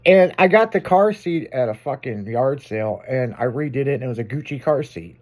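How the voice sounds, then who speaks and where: A man's voice: medium pitch, lively intonation, a little fast, darkish tone. Brief: male talk show regular, rowdy storyteller, curses freely, laughs through his anecdotes. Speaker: shop owner telling stories on a show. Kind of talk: casual storytelling chat.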